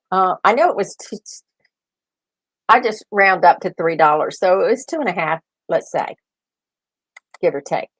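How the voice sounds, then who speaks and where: A woman's voice: mid-range voice, gravelly. An older woman hosting a casual live stream, rambling and thinking aloud as she chats. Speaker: host.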